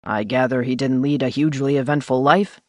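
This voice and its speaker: A woman's voice: very deep voice, brisk, a little mellow, no room sound. A woman voicing a dry, plain-spoken male reporter. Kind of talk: audiobook character voice.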